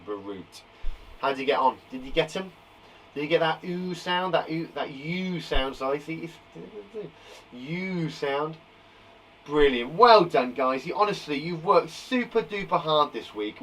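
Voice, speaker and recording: A man teaching a live phonics lesson to young children from a garden shed, upbeat and encouraging, sounding out words slowly. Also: a little high, a bit bright, far from the mic, poor audio. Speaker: primary school teacher.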